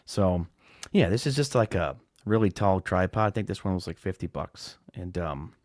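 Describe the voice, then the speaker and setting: A man's voice: deep voice, animated, moderate pace, darkish tone, no echo, clean studio sound. A man hosting a lawn care podcast live, chatting casually and rambling with restarts and fillers. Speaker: podcast host. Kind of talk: casual live-stream chat.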